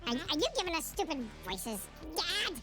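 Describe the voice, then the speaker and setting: A man's voice: extremely high pitch, sing-song, moderate pace, over loud music, voice pushed up. A man voicing a grumpy older male cat who is short-tempered, calling out in an exasperated, threatening way from off the mic.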